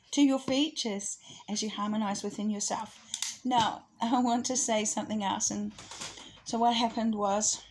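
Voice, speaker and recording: A woman talks in a loose, rambling way about nature and intuition, her voice slightly high and breathy. She drifts between anecdotes and gentle spiritual advice, with small laughs and soft asides along the way. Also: rough recording. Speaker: astrology presenter. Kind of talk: casual spiritual talk.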